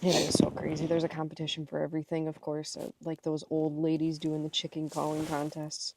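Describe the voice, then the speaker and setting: A woman's voice: sits low, brisk, vocal fry, far from the mic, very noisy. A woman co-hosting a casual podcast from a boat on a marsh, telling family stories and acting out the voices she quotes. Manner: animated storyteller, acts out quoted lines. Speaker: podcast co-host. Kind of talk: casual chat.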